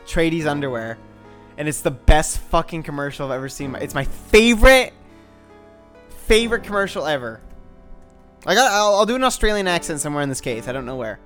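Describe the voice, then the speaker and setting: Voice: medium pitch, animated, brisk, fairly bright tone. A streamer chats loosely while playing, often swearing and trailing off into tangents. The voice sits in a middle range. Faint game music runs underneath. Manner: swears often, rambling, laughs a lot. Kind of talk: casual let's-play commentary.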